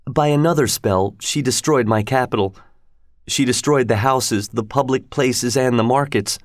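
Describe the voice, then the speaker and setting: A man reading a storybook aloud in a measured, even way. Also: mid-range voice, no echo, clean studio sound.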